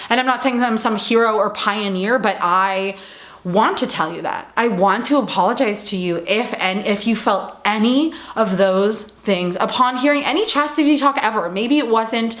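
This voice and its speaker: A woman's voice: medium pitch, moderate pace, a bit bright. Woman, heartfelt vlog talk, apologetic, lots of fillers, echoey room. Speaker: Catholic speaker and vlogger. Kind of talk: earnest talk to camera.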